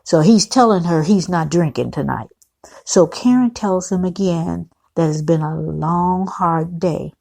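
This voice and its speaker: A woman talks viewers through a TV episode in a casual, opinionated vlog. Her voice sits low and creaky. She takes her time and often calls her viewers guys. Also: a little slow, warm tone. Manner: chatty, opinionated, keeps addressing viewers as guys. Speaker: TV recap vlogger. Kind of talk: casual episode recap with commentary.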